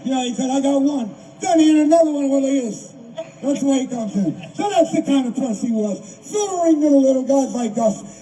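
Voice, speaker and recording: Older philly guy at an outdoor rally, high pitched but dark, gets emotional and repeats himself, kinda far off. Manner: emotional, repetitive, raises voice. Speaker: rally speaker. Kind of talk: impassioned outdoor rally speech. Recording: distant mic, faint background noise.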